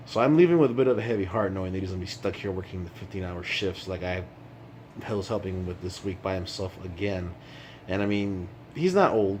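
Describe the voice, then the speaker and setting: Rambling, profane low-voiced man. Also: a little fast, a little mellow, a little hiss or hum. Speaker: vlogger. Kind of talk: casual vlog chat.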